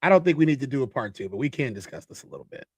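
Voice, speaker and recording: A man's voice: medium pitch, very animated, very fast, slightly rough, dry recording. A man hosting a show, reacting to a clip in a casual, drawling way. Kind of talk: casual commentary.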